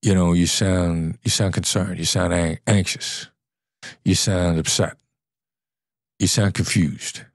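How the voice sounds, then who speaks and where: A man's voice: sits low, steady tone, slow, long pauses, no room sound, clean studio sound. A man, a former negotiator, explaining ideas in a conversational podcast interview, sometimes acting out different tones of voice. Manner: earnest and explanatory, acts out tones of voice to illustrate.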